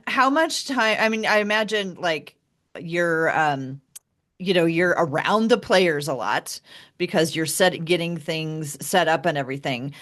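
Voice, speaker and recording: A woman co-hosting a podcast, asking the guest relaxed, rambling questions. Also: on the low side, measured pace. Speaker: podcast co-host. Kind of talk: casual interview chat.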